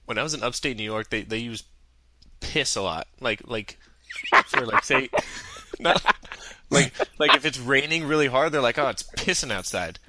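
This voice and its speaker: A man's voice: mid-range voice, normal speed, long pauses, background noise. A young man in casual chat with a friend, teasing him with wry banter.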